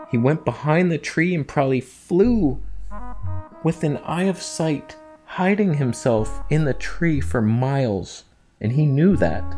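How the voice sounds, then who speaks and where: A young man vlogging casually about cameras, animated and loose-tongued, swearing and muttering to himself. His medium voice jumps around in a very lively pitch range, with faint music underneath. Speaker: camera reviewer. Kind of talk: casual vlog commentary.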